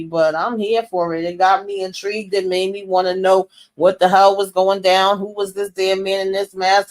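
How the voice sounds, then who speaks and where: Slangy, profane woman recapping a TV show. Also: medium pitch. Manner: animated, slangy and profane, acts out characters' lines. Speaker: TV series recap host. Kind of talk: casual TV episode recap.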